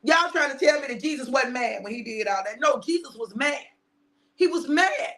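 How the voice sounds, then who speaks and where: A middle-aged woman preaching an energetic sermon, animated and repetitive, laughing and shouting for emphasis. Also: high-pitched, moderate pace. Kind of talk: energetic sermon on a live stream.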